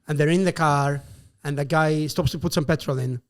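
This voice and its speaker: A Greek-born man, a guest comedian, riffs on a story in rapid, animated bursts. He slips the characters' lines into his telling, and his voice sits somewhat higher than most men's. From Greece. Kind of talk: casual improvised storytelling.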